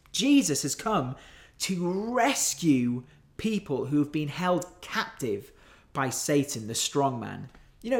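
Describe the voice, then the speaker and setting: A man preaching a sermon in an earnest, emphatic way, stretching out key words for weight. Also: a little high.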